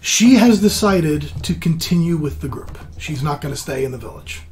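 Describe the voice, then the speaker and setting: A woman's voice: low voice, lively intonation, moderate pace, darkish tone. An older woman narrating as dungeon master of a tabletop game in a chatty way, laughing often. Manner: chatty, laughs often, plays innkeeper lines.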